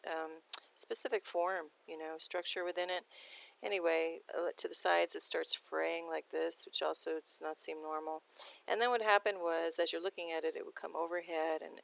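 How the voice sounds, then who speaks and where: Woman, lowish voice, gravelly, casual rambling narration, lots of ums. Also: fairly bright tone, rough recording. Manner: rambling, many ums and restarts. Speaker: sky observation show host. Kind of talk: casual narration over photos.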